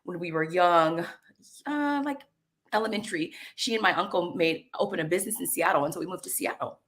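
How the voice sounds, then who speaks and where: An adult woman from Arkansas in the Southern United States appears as a guest in a conversational interview. Her voice is lowish, bright, and animated, and she talks fairly quickly as a lively storyteller who laughs often.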